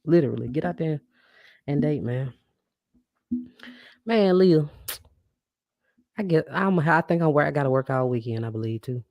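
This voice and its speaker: A woman's voice: deep voice, expressive, moderate pace, pauses often, dry recording, highs cut off. A woman hosting a live podcast, talking casually and animatedly to her listeners, often laughing and calling them y'all. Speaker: podcast host. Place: live stream reading comments.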